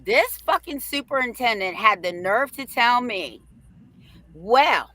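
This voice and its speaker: Brash, bright-voiced storytelling woman. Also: fairly high pitch, slow pace, poor audio. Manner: brash, profane, animated storytelling. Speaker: host. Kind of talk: livestream storytelling.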